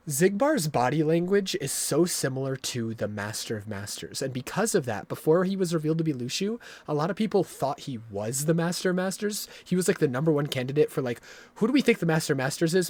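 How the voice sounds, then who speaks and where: Speaking at medium pitch, a live streamer goes on at length about a video game's story, excitable and rambling, with frequent swearing.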